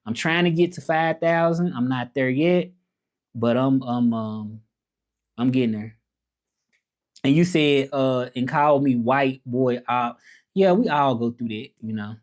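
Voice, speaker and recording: A Southern American man in his thirties hosts a casual livestream, reading viewers' comments and answering them. His talk is loose and repetitive, full of "you know what I'm saying," and he sits at a middling pitch for a man. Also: unhurried. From Southern United States. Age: 30s. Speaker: livestream host.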